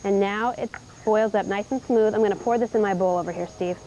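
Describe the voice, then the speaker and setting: On dull 1990s TV broadcast tape with a little hiss or hum, a young home shopping host from Indiana, USA, demonstrates cookware on a live show. She's chatty and upbeat, speaking fairly quickly in a mellow, medium-pitched voice.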